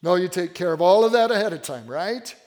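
A man preaching a sermon as pastor, animated and often asking the congregation questions. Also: high-pitched, brisk, long reverb tail.

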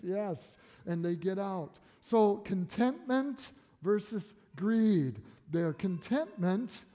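A man's voice: sits high, dark tone. A male pastor preaching a sermon in a folksy, conversational storytelling manner. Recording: echoey hall.

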